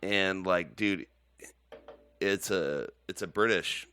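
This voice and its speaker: Man, forties, podcast co-host, casual rambling chat, frequent swearing, low smooth voice. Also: slow, bright, forceful tone. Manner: rambling, heavy swearing, laughs easily.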